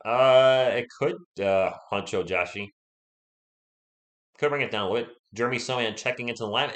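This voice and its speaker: A man's voice: medium pitch, normal speed, fairly bright tone. A man with a sore throat and a cough, hosting a casual live play-by-play stream and chatting with viewers between plays.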